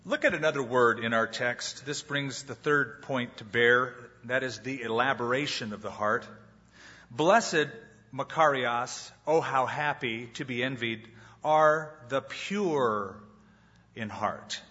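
A man's voice: medium pitch, measured pace, pushed and bright, breathy edge. A man preaching a sermon as pastor, dramatic and acting out the people he quotes. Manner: dramatic, acts out quoted voices. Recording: muffled hall recording with long reverb.

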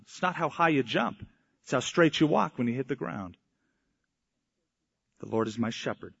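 Preacher guy telling a story in his sermon, kinda high voice, dull lo-fi sound. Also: fairly bright tone, husky. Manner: storytelling preacher, voices quoted people in mock old English. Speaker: pastor.

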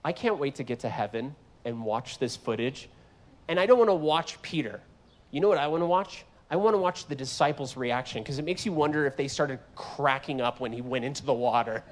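A man preaching a sermon in an animated, joking way, acting out voices from the scripture he reads. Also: medium pitch, fairly quick. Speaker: guest preacher.

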